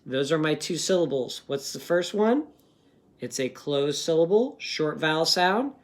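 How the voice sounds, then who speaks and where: A man teaching a phonics lesson to young pupils, sounding out words slowly and asking patient questions. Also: a little high, expressive.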